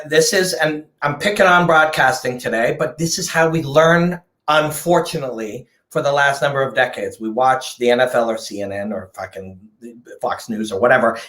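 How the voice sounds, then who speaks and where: A man's voice: mid-range voice, moderate pace, a bit bright, reverberant. A man giving a passionate, emphatic unscripted rant as a combat sports host, swearing freely.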